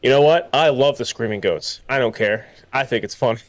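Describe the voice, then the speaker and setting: A man talks movies in an easy, offhand way, casually defending his picks. His mid-pitched voice is recorded close and dry. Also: brisk, dry recording. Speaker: podcast co-host.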